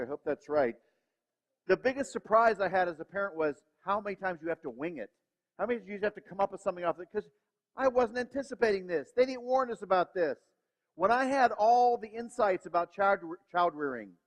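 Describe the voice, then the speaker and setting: A male pastor giving a sermon in a church, self-deprecating and acting out the voices in his head. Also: high voice. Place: church sanctuary. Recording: reverberant hall, dull lo-fi sound.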